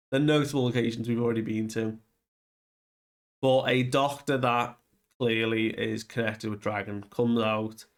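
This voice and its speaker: A man's voice: mid-range voice, creaky. Man casually recapping a comic chapter. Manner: breezy retelling, voicing characters in quick asides. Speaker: manga reviewer.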